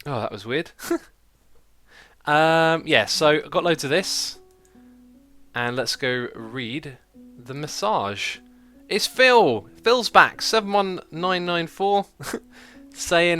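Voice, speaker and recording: A man's voice: on the high side, lively intonation, slow pace, sharp tone, smooth, faint music behind. A man hosting a gaming livestream, chatting casually, laughing often and reading out donations and chat messages. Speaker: streamer host.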